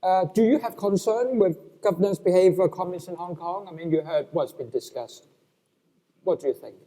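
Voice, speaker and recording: A man's voice: high-pitched, moderate pace, warm tone. A man moderating a panel at a conference, speaking hesitantly with many fillers. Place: conference hall. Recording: long hall reverb.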